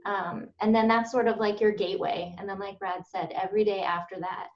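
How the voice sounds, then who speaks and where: A woman's voice: medium pitch, fairly even intonation, brisk. A woman on a video call giving friendly, practical advice in a casual chat. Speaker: acupuncturist and marketing teacher. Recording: dull lo-fi video call audio.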